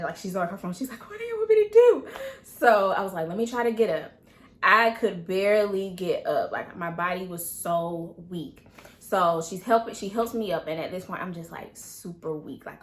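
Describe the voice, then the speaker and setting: A woman in her twenties telling a personal story in an animated way, acting out quoted dialogue with many fillers. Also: on the low side. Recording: echoey room.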